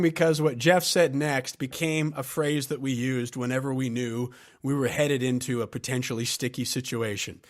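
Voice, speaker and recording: A man hosting a podcast who tells a story in a relaxed, anecdotal way and chuckles as he goes. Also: medium pitch, normal speed. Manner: relaxed, anecdotal, laughs while telling. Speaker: podcast host.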